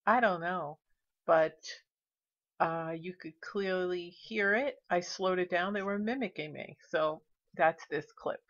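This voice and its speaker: A woman's voice: on the low side, a little slow, lo-fi sound. A woman vlogger narrating casually, chatty and explaining each step. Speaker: paranormal vlogger.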